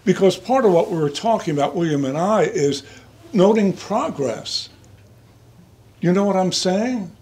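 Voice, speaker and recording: Older male priest, somewhat high voice, chatty sermon that wanders and turns to people in the pews. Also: animated, unhurried, darkish tone. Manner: chatty, digressive, addresses listeners by name, chuckles. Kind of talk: conversational sermon. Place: church.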